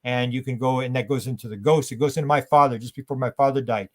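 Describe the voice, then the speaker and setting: Canadian guy rambling fast in an interview, acting out quotes, mid pitch. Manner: rambling, animated, acts out quotes. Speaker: guest.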